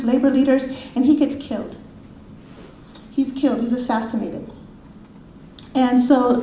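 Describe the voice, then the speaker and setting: A woman's voice: sits high, echoey room, slight background noise, rough recording. A middle-aged woman presenting her book to an audience in a university library, telling stories and acting out the people she quotes. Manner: storytelling, animated, acts out quoted voices. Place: university library event room.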